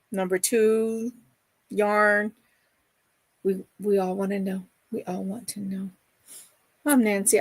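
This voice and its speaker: A woman's voice: medium pitch, fairly bright tone, no room sound. A middle-aged woman hosting a casual livestream, chatting and reading viewer comments aloud in a gushing, affectionate way. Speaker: livestream host.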